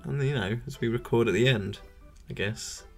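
A man's voice: mid-range voice, moderate pace, soft background music. A man co-hosting a film podcast in casual chat, joking, rambling and self-deprecating. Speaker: podcast co-host.

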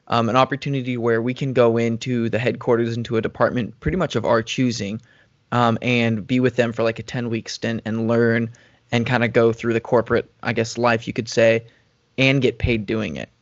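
A man's voice: medium pitch, no echo. A young man, a professional runner, chatting casually and rambling with lots of fillers. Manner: relaxed, rambling, many fillers. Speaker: professional runner, podcast co-host. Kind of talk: casual chat. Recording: dull lo-fi audio.

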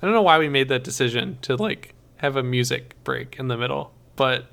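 A man's voice: medium pitch, a little fast, gravelly, fairly bright tone. A man co-hosting a podcast, chatting casually, swearing and laughing easily. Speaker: podcast co-host. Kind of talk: casual chat.

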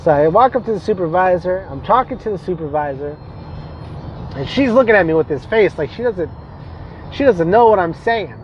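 A young man telling stories in a casual vlog, animated, profane and exasperated as he rants. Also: sits high, normal speed, dull audio, slight background noise.

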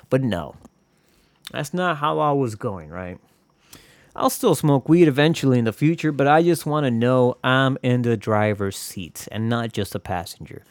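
A man's voice: medium pitch, lively intonation, normal speed, no room sound. A man hosting his own podcast, talking in a rambling, casual way with lots of swearing and jokey asides. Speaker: podcast host. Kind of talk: casual solo podcast monologue.

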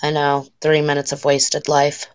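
A woman's voice: deep voice, monotone, a little slow, noisy background. A woman in her thirties casually chatting as a podcast co-host, swearing freely while telling stories. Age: 30s. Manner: profane, storytelling with laughs. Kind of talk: casual chat.

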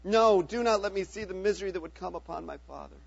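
A man's voice: sits high, fast, vocal fry, breathy edge, no echo, muffled recording, exaggerated voice. A man reading the part of a grown brother who pleads urgently before a ruler, from a storybook of scripture. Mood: pleading.

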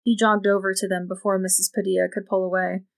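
A woman narrating a novel in an even, measured storytelling voice. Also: mid-range voice, creaky. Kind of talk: audiobook narration.

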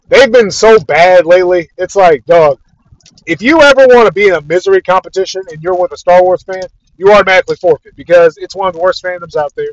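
A man's voice: high voice, no room sound. A young man delivering an exasperated, profanity-heavy casual rant about a fandom, repeating himself as he goes. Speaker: podcast ranter. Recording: dry, dull lo-fi audio.

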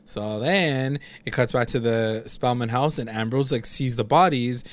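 A man's voice: mid-range voice, unhurried. A man co-hosting a casual TV recap chat, heavy on fillers and swearing, acting out characters' lines. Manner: profane, filler-heavy, acts out quotes.

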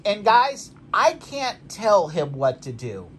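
A male pastor co-hosting a casual faith podcast. His pitch swings widely as he tells animated stories, and he laughs often while he talks. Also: a little slow, few pauses. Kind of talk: casual faith chat, storytelling.

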